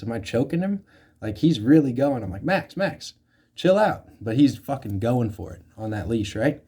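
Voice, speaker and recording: Mellow-voiced young man telling a story. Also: mid-range voice. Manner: swears freely, many fillers, animated acted-out quotes. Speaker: self-help speaker. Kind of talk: casual monologue, storytelling.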